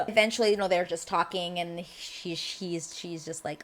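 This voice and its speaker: A woman casually recapping and reviewing a movie, chatty and excitable, peppering her talk with "like" and acting out bits of dialogue. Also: lowish voice, moderate pace, hardly any pauses. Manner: chatty and excitable, heavy use of "like" and quoted dialogue.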